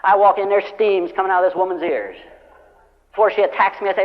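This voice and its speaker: A man's voice: sits high, fast. A man giving a live motivational speech, telling stories and acting out the people in them. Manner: storytelling, acting out quoted customers and friends. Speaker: motivational speaker. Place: large hall with a live audience. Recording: old lo-fi record of a speech in a reverberant hall.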